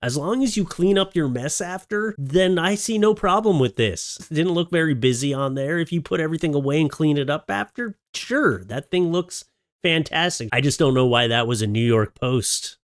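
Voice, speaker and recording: A man's voice: a little high, lively intonation, normal speed, no echo, studio quality. A man giving casual, sarcastic reaction commentary on video clips, chatty and mock-scolding.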